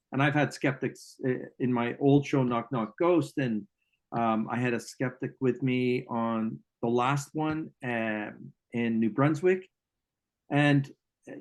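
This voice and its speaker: A man hosting a casual interview as a psychic medium, talking reflectively with many restarts and fillers. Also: medium pitch. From Canada.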